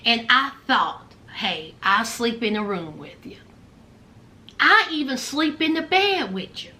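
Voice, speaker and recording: A woman putting on the voice of a stubborn, gruff man who is giving in grudgingly and setting firm limits. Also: a little high, very animated, slow, pushed and bright, pitched below the performer's own voice, heavily acted.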